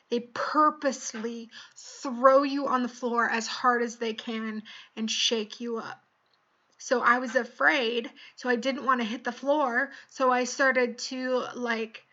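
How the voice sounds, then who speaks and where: Young woman vlogger, higher voice with a bright edge, earnest storytelling, lo-fi sound. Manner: earnest, animated retelling with quoted voices. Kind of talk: personal storytelling to camera. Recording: dull lo-fi recording.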